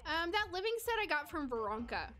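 Giggly high-voiced woman streamer. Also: sing-song, fairly quick, pushed and bright, soft background music. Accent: American. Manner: giggly, chatty, reads and answers chat. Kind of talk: casual live-stream commentary.

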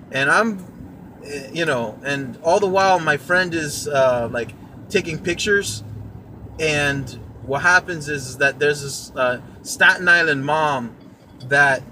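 Bright-voiced young man telling a rambling story. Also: a little high, slight background noise. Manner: rambling, with many fillers and restarts. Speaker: podcast host and vlogger. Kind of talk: casual personal storytelling.

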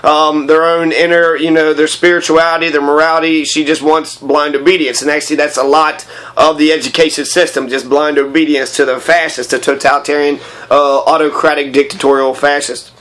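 Man reading a kids' book with chatty asides, somewhat high voice, loose and meandering. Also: level tone, brisk, fairly bright tone, low-quality recording. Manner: rambling, opinionated asides with many fillers. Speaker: reader and commentator. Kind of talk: reading aloud with commentary.

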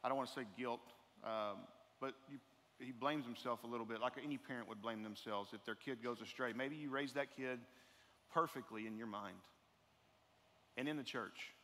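A man's voice: mid-range voice, moderate pace, sharp tone. A man giving an earnest sermon as a guest speaker in a church, building to emphatic preaching. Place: church sanctuary. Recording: reverberant hall.

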